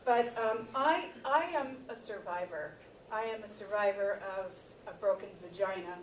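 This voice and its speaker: A woman's voice: mid-range voice, moderate pace, distant mic, noisy background. A menopausal woman in her fifties doing stand-up, telling a candid personal story on a theater stage with the audience laughing. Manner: candid, builds to shouted reenactments. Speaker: stand-up comedian. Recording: roomy theater sound from afar.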